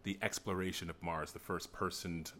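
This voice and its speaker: A middle-aged man with a lowish voice talks as a guest on a chat show. He rambles in an animated way, restarting sentences and breaking into laughs as he tells stories. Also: fairly quick, a little hiss or hum. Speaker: guest actor. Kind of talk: casual chat.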